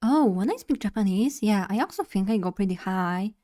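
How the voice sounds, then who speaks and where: In animated, dark-toned speech at a middle pitch, a young Polish woman streams and chats. She rambles somewhat, makes self-deprecating remarks, and laughs quickly.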